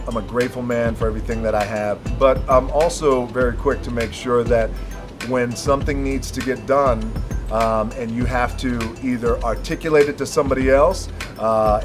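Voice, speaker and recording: A man answering an interview question firmly and bluntly, swearing freely. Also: mid-range voice. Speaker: interview guest. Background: music.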